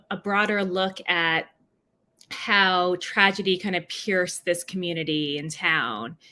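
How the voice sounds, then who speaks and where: A woman's voice: lowish voice, bright, forceful tone. A woman from New Jersey, an author answering questions at a livestreamed book event, talking with many fillers and restarts over a video call. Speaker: author being interviewed.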